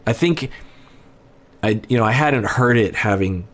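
A man, a relationship counselor, giving measured, analytical reaction commentary. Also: mid-range voice, slight background noise.

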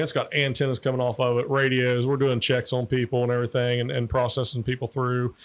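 Man telling rambling cop stories. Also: mid-range voice. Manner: rambling, profane, repeats words while restarting. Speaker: former liquor enforcement agent, guest. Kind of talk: casual anecdotal storytelling.

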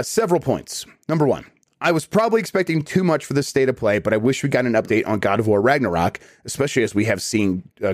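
A man co-hosts a casual gaming podcast, reading out listener questions with easy filler words. His voice sits at a middle pitch. The sound is close and dry, with no room around it. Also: dry recording. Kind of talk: casual chat.

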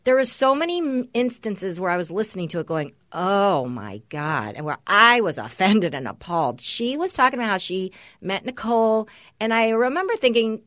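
A woman co-hosting a podcast in casual chat, animated and profane, quick to laugh. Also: fairly high pitch, dry recording, studio quality. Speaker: podcast co-host. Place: Los Angeles.

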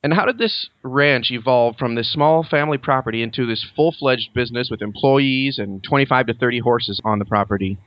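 A man hosting an interview, introducing his guest and asking questions in a measured, friendly way. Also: medium pitch, dry recording. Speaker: interview host. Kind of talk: scripted radio-style interview intro. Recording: dull, dry lo-fi sound.

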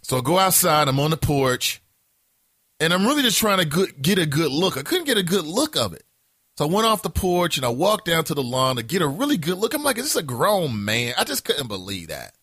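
A man hosting a casual morning talk show, telling a story in an animated, profane way. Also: a little high, a little fast, breathy edge, dry recording, clean studio sound. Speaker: host.

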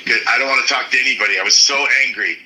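A former football player from Michigan, a man telling blunt, animated stories in an interview. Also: medium pitch, racing, a little hiss or hum, low-quality recording. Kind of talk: storytelling interview.

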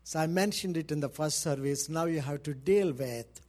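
A man's voice: on the high side, moderate pace, darkish tone. Indian-accented missionary man, fervent. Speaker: missionary pastor. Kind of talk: church talk to a congregation.

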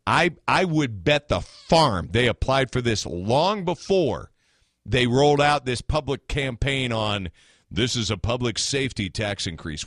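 A male talk radio host delivers blunt, opinionated commentary peppered with sarcastic asides. His voice sits at a middle pitch and is heard close on a studio mic with a dry, dead sound. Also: a bit bright, no echo.

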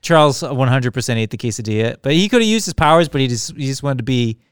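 A man's voice: mid-range voice, expressive, quick pace, clear, resonant tone, dry recording, clean studio sound. A man co-hosting a podcast, chatting casually with playful joking asides. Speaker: podcast co-host. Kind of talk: casual chat.

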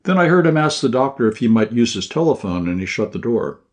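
A man reading a short story aloud in scripted first-person narration, at a measured, even pace. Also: medium pitch. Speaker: audiobook narrator.

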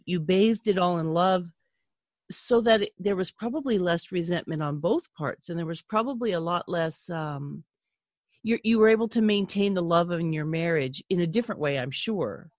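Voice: medium pitch, no room sound. Reflective interviewer, dry close sound. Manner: reflective, paraphrases the guest back to her. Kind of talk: empathetic interview questions.

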